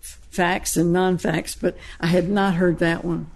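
A woman novelist in a conversational interview, retelling her story's plot in a lively, storytelling way. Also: lowish voice, measured pace, vocal fry. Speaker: novelist discussing her book. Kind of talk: conversational book discussion.

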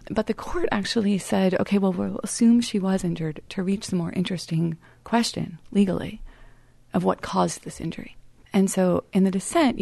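Female author guest, reflective storyteller, warm low tone. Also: creaky, no echo. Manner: thoughtful, storytelling, drops to soft near-whisper at grim points. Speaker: author and writing teacher. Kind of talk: interview guest explaining.

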